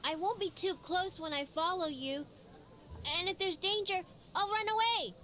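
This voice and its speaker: Timid, earnest little half sea-folk boy for a game, played by a woman. High, soft and well-behaved. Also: normal speed. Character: shy, sweet young half-Lemurian boy. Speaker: game character.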